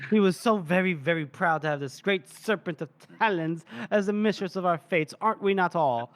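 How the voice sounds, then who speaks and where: A man's voice: sits high, a little fast, a bit bright. A man voicing a prim, pompous male poisoner while retelling a book scene on a podcast, in an overly formal, mock-polite way.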